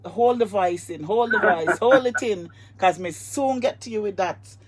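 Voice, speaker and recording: A woman's voice: mid-range voice, normal speed, noisy background. A woman hosting a live online interview, effusive and emotional, repeating herself as she talks. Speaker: host.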